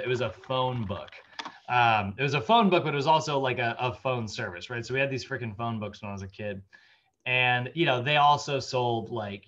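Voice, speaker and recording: A man teaching a fitness training class in a relaxed, anecdotal way, with lots of fillers and laughing as he tells stories. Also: mid-range voice, highs cut off. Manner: chatty, anecdotal, many fillers, laughs while telling stories. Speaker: fitness instructor. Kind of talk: casual classroom lecture.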